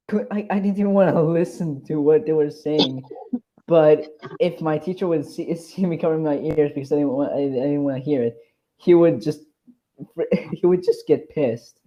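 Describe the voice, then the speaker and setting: Teen guy rambling through an awkward story, warm mellow voice, bit high, lots of ums. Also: poor audio. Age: teens. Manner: hesitant, lots of ums and restarts, embarrassed. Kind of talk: casual chat.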